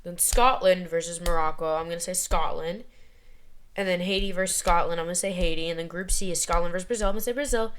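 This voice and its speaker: A woman's voice: on the low side, steady tone, fast talker, a bit bright. A young American woman vlogging in a playful, self-mocking, chatty way. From United States. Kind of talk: casual chat.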